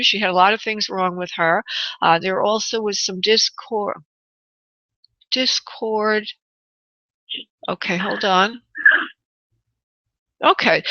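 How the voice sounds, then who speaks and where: A woman's voice: medium pitch, pushed and bright, dry recording. A woman hosting a radio show as a psychic medium, doing a live reading for a caller and calling her honey and sweetheart. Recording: muffled radio phone-in audio.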